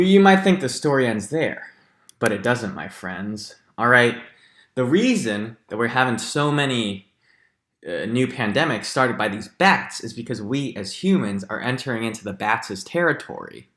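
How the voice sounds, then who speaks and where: A young man in his twenties ranting comically through a ranked list, animated and jokey, often jumping into squeaky high exclamations. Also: a little slow. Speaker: comedic vlogger. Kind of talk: comedic ranking rant. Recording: echoey room.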